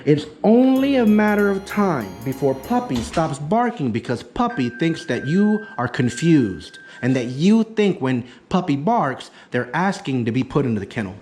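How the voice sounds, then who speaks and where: A man's voice: a little high, moderate pace, hardly any pauses, faint music behind. A man working as a dog trainer, giving an in-home consultation in an emphatic, repetitive teaching manner. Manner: emphatic, repetitive teaching, acts out excited praise.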